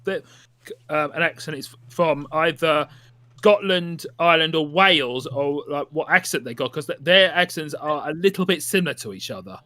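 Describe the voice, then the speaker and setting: A man from England, hosting a casual podcast, animated and mimicking voices. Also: a little high, normal speed. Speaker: podcast host.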